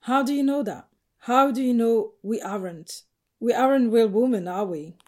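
A woman reading the part of Grant, a brash, rough-spoken butch woman, in a storybook narration. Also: a little high, moderate pace, a little mellow, close to an everyday voice. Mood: uneasy.

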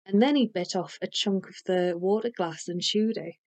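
Woman narrating a memoir, unhurried. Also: medium pitch, darkish tone, muffled recording. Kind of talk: first-person audiobook narration.

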